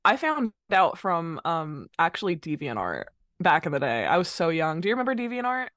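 A young woman from North Carolina, a musician chatting as a podcast guest, animated and quick to laugh as she tells stories. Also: on the low side, no echo, clean studio sound. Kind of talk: casual podcast chat.

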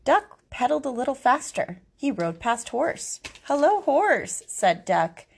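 A woman reading a picture book aloud, expressive, giving each animal its own voice. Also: on the high side, measured pace, gravelly. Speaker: storybook reader.

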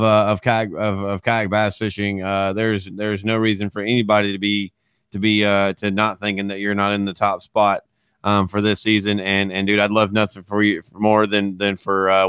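Laid-back low-voiced man hosting a podcast. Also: fairly bright tone, smooth, dry recording. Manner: laid-back, stammering, repeats words, says dude and man. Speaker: podcast host. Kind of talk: casual podcast chat.

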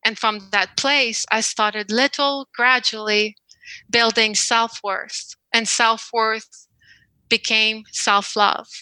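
Bright, earnest woman telling her story. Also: fairly high pitch, fairly even intonation, no echo, poor audio. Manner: earnest, measured, slowing on key words. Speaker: podcast guest. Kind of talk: personal storytelling in an interview.

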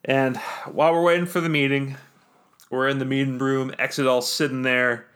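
A man's voice: mid-range voice, little pitch movement, moderate pace, fairly bright tone, smooth. Man narrating a tabletop game. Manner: rambling, full of fillers and restarts. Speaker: game master.

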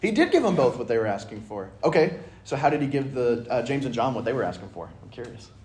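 A man leading an interactive Bible study, reading scripture and acting out the dialogue with lively energy. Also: mid-range voice, fast. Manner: animated, acts out dialogue in voices. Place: church meeting room. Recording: echoey room.

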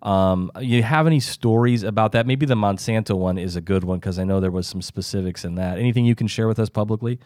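A man's voice: fairly low pitch, fast, few pauses, a little mellow, no room sound, studio quality. A man hosting an interview, asking long, hedging, rambling questions in a casual way. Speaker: podcast host.

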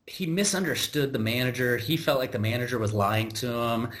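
A man's voice: mid-range voice, a little fast, a bit bright. American man telling a story. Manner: rambling, frequent restarts and asides, exasperated. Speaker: podcast host. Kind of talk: casual conversational storytelling.

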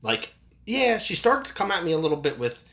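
Impassioned parent with a wildly swinging pitch. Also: big pitch swings, brisk, fairly bright tone. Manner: impassioned, profane, voice jumping up when worked up. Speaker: parent ranting to camera. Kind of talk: heated opinion rant.

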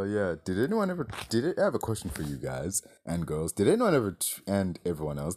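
A man's voice: fairly low pitch, darkish tone. A man reviewing a movie in a casual rant, exasperated, swearing and firing off rhetorical questions.

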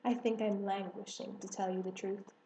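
A woman voicing a gentle, wise female spider who speaks quietly and softly. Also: mid-range voice, little pitch movement, moderate pace, roomy sound, a little hiss or hum, close to an everyday voice, low-quality recording. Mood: tender. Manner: quiet, soft-spoken.

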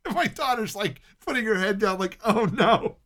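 A man's voice: sits high, expressive, brisk, sharp tone. A man in casual podcast chat, talking bluntly, swearing freely, and laughing often.

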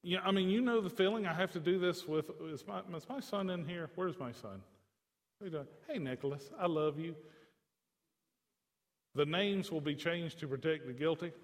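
A man's voice: on the high side, fairly quick, in a large hall. A man preaching a sermon to a congregation, with a conversational, joking manner. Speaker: pastor.

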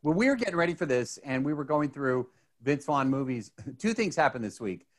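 A man, co-hosting a podcast in casual chat. He talks excitably and rambles, with many restarts. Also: medium pitch, a little fast. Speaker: podcast co-host.

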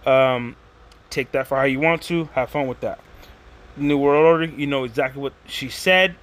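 A man talking in a rambling, casual monologue as a podcast host. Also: on the high side. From Texas. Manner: rambling, animated, conversational with slang.

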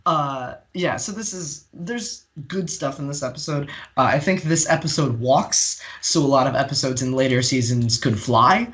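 A man's voice: mid-range voice, moderate pace, few pauses. A man co-hosting a podcast who is also a magician, retelling an episode in casual chat with many fillers. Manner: steady storytelling with many fillers.

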